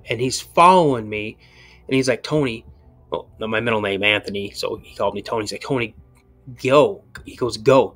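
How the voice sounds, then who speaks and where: A man on a podcast telling a personal story in casual talk, acting out his younger self and his father's lines. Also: mid-range voice. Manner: animated retelling, acts out his younger self and his dad.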